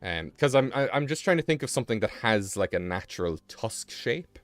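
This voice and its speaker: A man's voice: fairly low pitch, lively intonation, fairly quick, dry recording, soft background music. A young British man streaming live, chatting casually and rambling with self-mocking asides while he draws. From Britain.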